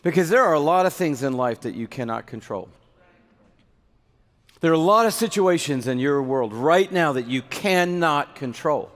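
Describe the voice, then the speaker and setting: Middle-aged man, pastor, sermon, fairly high voice, long hall reverb. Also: normal speed. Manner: animated, acts out little skits with props. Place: large hall with audience.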